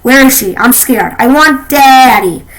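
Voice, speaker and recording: A woman's voice: on the high side, fairly bright tone, lightly acted, low-quality recording. Woman doing a whiny, bratty little girl. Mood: scared. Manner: whining, drawn-out childish pleading. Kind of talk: storybook reading.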